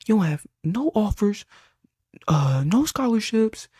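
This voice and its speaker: A man playing a furious yelling basketball coach. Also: sits high, big pitch swings, unhurried, husky, no room sound, studio quality, pitched above the performer's own voice, exaggerated voice. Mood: berating. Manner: berating, shouting.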